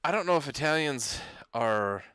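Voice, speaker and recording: A man co-hosting a comedy podcast, talking in a halting way with many restarts. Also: medium pitch, animated, a bit bright, smooth, dry recording, clean studio sound. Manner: halting, hesitant, full of restarts. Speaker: podcast co-host. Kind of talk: casual comedy chat.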